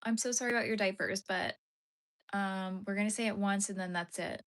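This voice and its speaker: Young woman, live-stream host, easygoing chat while crocheting, mid-range voice, answers viewers, trails off into soft asides. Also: medium pitch, a little fast. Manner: chatty, answers viewer comments as she works.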